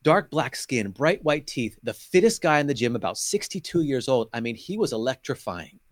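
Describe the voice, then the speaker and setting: A man's voice: medium pitch, very animated, normal speed, no echo, studio quality. A middle-aged man, a guest in an interview, earnestly telling his personal faith testimony with emotion and acting out his past conversations.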